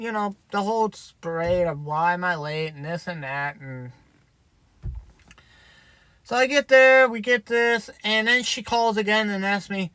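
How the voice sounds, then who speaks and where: A man's voice: high voice, measured pace, pauses often, pushed and bright, clean tone, no room sound, low-quality recording. A man, a truck driver, chatting candidly on a livestream and telling a story in a rambling way. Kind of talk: livestream chat.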